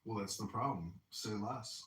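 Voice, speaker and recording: A man's voice: fairly low pitch, normal speed, fairly bright tone. A man hosting a casual podcast, telling boastful rambling stories and laughing at his own jokes. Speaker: podcast host and political candidate. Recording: echoey room, distant mic, faint noise.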